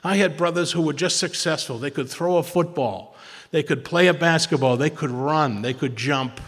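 A man's voice: a little high, normal speed, fairly bright tone, slightly rough, in a large hall. A man telling personal stories at a twelve-step recovery meeting, rambling, restarting often and acting out what people said. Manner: rambling storytelling with many restarts and acted quotes.

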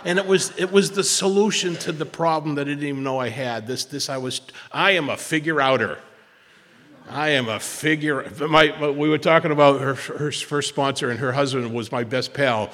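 A man's voice: medium pitch, fairly bright tone. A man giving a personal testimony at a recovery meeting, telling his story and acting out the dialogue, often repeating words as he goes. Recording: long hall reverb.

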